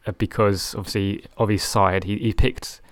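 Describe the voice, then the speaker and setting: A man's voice: on the low side, fairly even intonation, normal speed, dry recording. A young man talking casually about his football management game, rambling and correcting himself with a wry tone. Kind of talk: casual chat.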